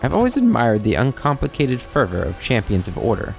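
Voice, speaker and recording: A man's voice: mid-range voice, wildly swooping pitch, fairly quick, vocal fry, darkish tone, faint music behind. A man voicing a sly, talkative male kobold schemer with a wry, rambling, mock-innocent manner.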